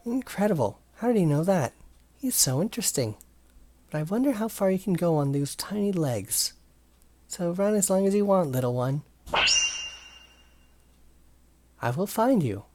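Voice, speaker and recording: A man's voice: high voice, animated, normal speed. A man reading game dialogue aloud, voicing a creepy, cheerful woman dance teacher who turns out to be a villain, in a sing-song, menacing way. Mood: taunting. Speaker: let's play reader voicing game characters. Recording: loud game music behind.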